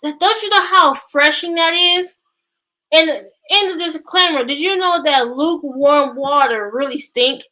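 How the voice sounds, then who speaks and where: A woman's voice: sits high, a little slow, sharp tone. A woman hosting a Bible study, reading scripture aloud and chatting casually about it, stumbling and restarting over words. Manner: chatty, exclaims to live viewers.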